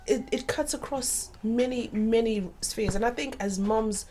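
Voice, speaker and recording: A woman's voice: a little high, a little slow, mellow, slight background noise. A middle-aged woman, a guest, earnestly telling a painful personal story and acting out the voices of others. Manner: earnest, acts out quoted voices.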